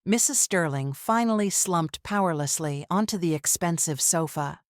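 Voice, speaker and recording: A woman narrating a dramatic family story in an even, measured reading style. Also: lowish voice, no echo, studio quality. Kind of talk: scripted narration.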